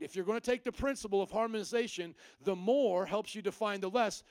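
A man with a high, smooth voice preaches a sermon and keeps the congregation involved with call-and-response questions. His speech is clean and close, with almost no room sound. He explains ideas through everyday comparisons. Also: fairly even intonation, fairly quick, a little mellow, no echo. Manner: explanatory, uses everyday examples. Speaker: pastor.

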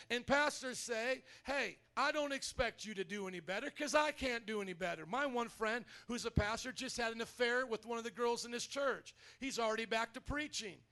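High-voiced energetic preaching man. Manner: energetic, conversational preaching with audience call-outs. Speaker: pastor. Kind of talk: sermon. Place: church.

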